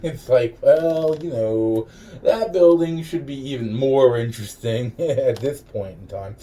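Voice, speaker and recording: A man's voice: mid-range voice, dark tone. A man in a rambling, profane monologue, swearing constantly and chuckling between phrases. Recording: distant mic with faint background noise.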